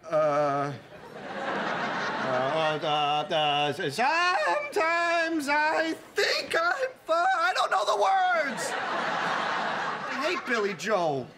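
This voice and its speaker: A smarmy fake football fan. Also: male voice, on the high side, very animated, extremely slow, long pauses, heavily acted. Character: smarmy young man faking being an English football fan. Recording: noisy recording.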